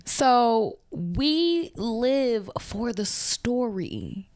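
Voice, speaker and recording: A woman's voice: drawn-out words, dry recording. A woman in her thirties, a podcast co-host, telling a story casually and acting out the voices in it. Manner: animated, acts out quoted voices with big pitch jumps. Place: Atlanta.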